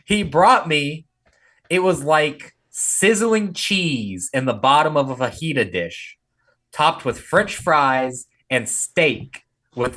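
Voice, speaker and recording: Bright-voiced man telling a profane story. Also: on the high side. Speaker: podcast co-host. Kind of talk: casual chat.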